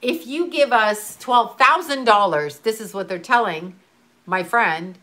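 A woman's voice: a little high, a little slow, pushed and bright. A woman from Canada ranting on a casual livestream, blunt and profane, answering viewers' comments. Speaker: livestream host.

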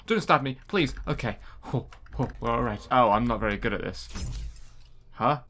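A man giving jokey, excitable commentary while playing an online game, swinging from loud squeals to low mutters. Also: fairly quick. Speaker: gaming YouTuber. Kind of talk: comedic gameplay commentary.

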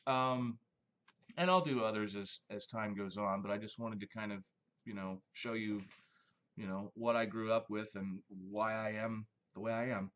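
A man's voice: on the low side, steady tone, moderate pace, fairly bright tone, dull audio. A man hosting a casual monologue, rambling and reminiscing with many fillers. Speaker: host.

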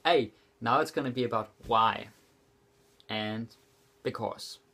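A young man teaching a language lesson, repeating example phrases slowly and explaining them casually. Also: medium pitch, bright, forceful tone.

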